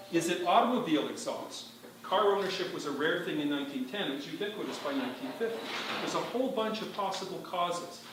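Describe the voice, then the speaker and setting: A man with a higher, slightly bright voice gives a live conference talk in a large hall with an audience, sounding emphatic and wry and often quizzing the room. A distant mic picks him up in the very echoey space, with slight background noise.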